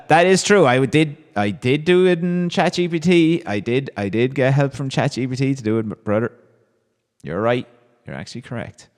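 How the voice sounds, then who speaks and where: A man's voice: medium pitch, a little mellow, big-room sound. A man hosting a livestream, reading viewers' comments aloud and answering them with wry, amused banter. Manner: wry, chatty, reacts to chat with amused banter. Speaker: livestream host.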